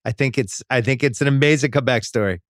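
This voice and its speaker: A male podcast host talking sports in a casual, joking way, firm in his opinions and quick to restart a thought. His voice sits in a middle pitch and is recorded dry and close on a studio mic. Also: dry recording.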